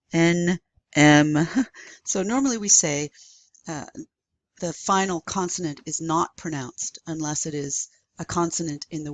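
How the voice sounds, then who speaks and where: A woman teaching a recorded language lesson, carefully modeling pronunciation for learners to repeat. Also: on the low side. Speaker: French teacher.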